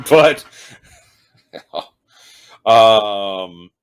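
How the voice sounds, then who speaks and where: A man's voice: medium pitch, huge pitch swings, extremely slow. A tipsy man hosting a comedic ranking show, rambling loosely and poking fun at himself. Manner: rambling, loose and self-mocking. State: tipsy from drinking. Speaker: host ranking TV episodes. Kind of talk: casual comedic ranking monologue.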